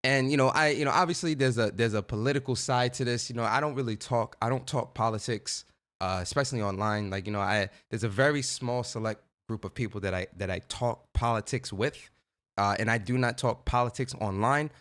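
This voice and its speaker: A man's voice: medium pitch, a little fast, fairly bright tone. A young man hosting a casual gaming livestream, chatting in laid-back slang, greeting viewers by name and laughing often.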